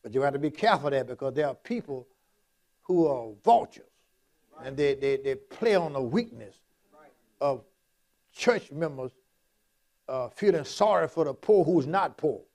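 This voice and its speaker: A man's voice: fairly high pitch, expressive, moderate pace, long pauses, darkish tone. A man preaching a sermon in a folksy, repetitive, emphatic way, quoting Scripture.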